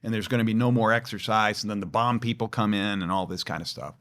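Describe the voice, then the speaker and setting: A man co-hosting a podcast, telling a personal story in a lively, animated way. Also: on the low side, fast talker. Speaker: podcast co-host. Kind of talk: storytelling in casual chat.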